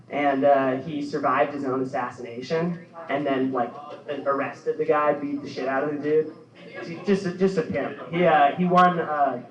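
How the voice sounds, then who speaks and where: A young man in his twenties doing a stand-up set in a small club, rambling and deadpan, often laughing at his own jokes. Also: a little high. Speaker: stand-up comedian. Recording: roomy, distant, dull club recording. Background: club room.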